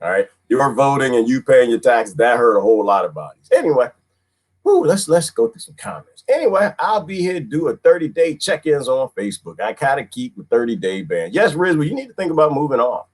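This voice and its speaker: Man, livestream rant, lively swooping pitch, mid-range voice, folksy slang, rambling. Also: a little fast. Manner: rambling and animated, swooping pitch, frequent laughs. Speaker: livestreamer reading chat comments.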